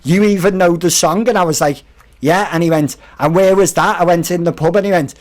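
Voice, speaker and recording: A man's voice: sits high, fairly quick. A man, a podcast guest animatedly telling a story and acting out the voices of the people in it. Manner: animated, acts out quoted voices. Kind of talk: casual storytelling.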